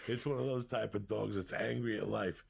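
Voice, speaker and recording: A man's voice: on the low side, fairly even intonation, a little fast, vocal fry, noisy background. A man in his sixties, a podcast guest telling long, profane, rambling stories in a casual way. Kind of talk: casual storytelling.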